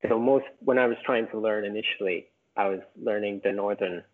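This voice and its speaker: A man's voice: on the low side, brisk. A man from the UK, a podcast guest and author, chatting casually and rambling with many fillers and restarts. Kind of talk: casual chat. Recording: tinny phone-like call audio.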